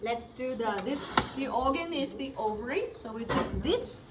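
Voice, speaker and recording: Lab teacher woman, higher voice, says a term then has the class repeat it, mic far off and a noisy classroom around her. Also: lively intonation, normal speed. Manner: drills terms by repetition, brief praise. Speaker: biology lab instructor. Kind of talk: call-and-response anatomy review. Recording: distant mic with classroom crowd.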